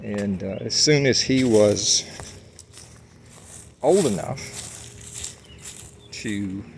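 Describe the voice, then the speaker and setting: Man, walking vlog, low voice, loose rambling delivery, faint outdoor noise behind. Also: very slow, creaky, darkish tone. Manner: rambling, many fillers and restarts. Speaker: vlogger. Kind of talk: casual walking monologue. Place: outdoors on a hike.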